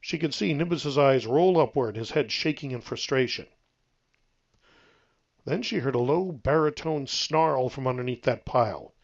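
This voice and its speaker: Male author-narrator, steady storybook read, gravelly tone, muffled recording. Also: mid-range voice. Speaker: author reading his own novel.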